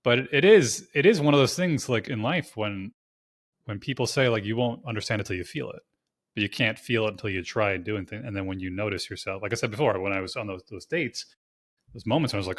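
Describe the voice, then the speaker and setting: A male podcast host with a lowish voice who talks fast and loose. He is animated and casual, swears freely and scatters "like" through every sentence. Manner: rapid, animated, swears casually, lots of filler "like". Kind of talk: casual conversational podcast chat.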